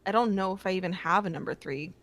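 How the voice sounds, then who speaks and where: A woman voice actress answering interview questions in casual chat, enthusiastic and often laughing. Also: fast. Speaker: guest, voice actress. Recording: loud rumbling background noise.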